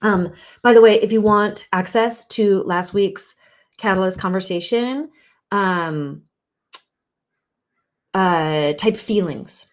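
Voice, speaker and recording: A woman's voice: mid-range voice, takes it slowly, long pauses. A woman relationship coach teaching in an earnest, loose way, with many fillers and restarts. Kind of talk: casual teaching talk.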